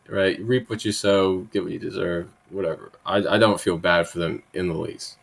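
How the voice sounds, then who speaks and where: Blunt, profane man with a lowish voice. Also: fairly even intonation, fairly quick, creaky, few pauses. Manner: frequent tag questions, conversational asides. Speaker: political commentary host. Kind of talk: reading bill text with casual commentary.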